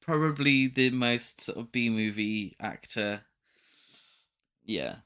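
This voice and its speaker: A male podcast host discusses a film's cast in a relaxed, unhurried way, often laughing. His voice is bright and middling in pitch. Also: clean tone. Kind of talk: casual film review chat.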